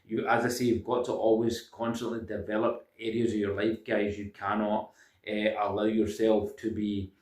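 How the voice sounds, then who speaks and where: A man's voice: lowish voice, flat delivery, normal speed, a little mellow, roomy sound, far from the mic. A man giving insistent self-improvement advice to his viewers, hesitating often with ums and uhs. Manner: insistent, lecturing, constantly says "guys". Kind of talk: casual monologue to camera.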